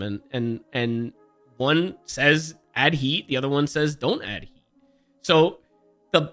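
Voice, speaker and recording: A man's voice: on the high side, pushed and bright. A man streaming, telling a rambling, profane story in an exasperated, self-mocking way and laughing at himself.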